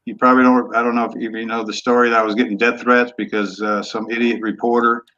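An older man in his sixties talks in an easygoing, blunt way, dropping curse words as he tells his stories. His voice sits at an ordinary pitch for a man. The audio comes through dull and lo-fi. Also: level tone, fast talker, bright, forceful tone. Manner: laid-back, blunt, cusses freely. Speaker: guest, former football quarterback. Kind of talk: casual storytelling interview.

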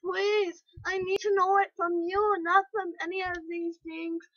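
A woman hosting a reaction video, talking in an excitable, apologetic way and exclaiming often. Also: extremely high pitch, measured pace. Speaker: video host. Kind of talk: reaction commentary. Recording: dull lo-fi home recording.

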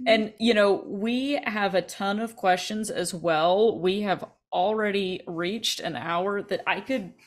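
A woman's voice: medium pitch, slow pace, hardly any pauses. A woman hosting a video-call interview, speaking in an easygoing way and thinking aloud. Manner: easygoing, thinks aloud with fillers and small laughs. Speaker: host.

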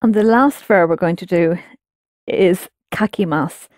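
A woman's voice: lowish voice, unhurried, darkish tone, dry recording, studio quality. A woman teaching a language lesson, explaining patiently and prompting her students to answer.

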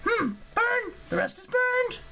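A woman's voice: extremely high pitch, sing-song, slow, voice pushed up, exaggerated voice. A man voicing a twitchy female harpy who blurts out facts in sudden bursts. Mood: excited blurting.

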